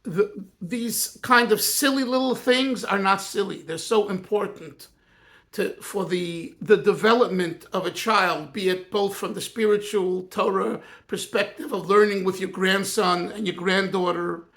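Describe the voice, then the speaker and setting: This is a Yiddish-speaking rabbi from the United States looking back on his life in a personal talk. He has a high, fairly bright voice and speaks earnestly, faltering and starting over often.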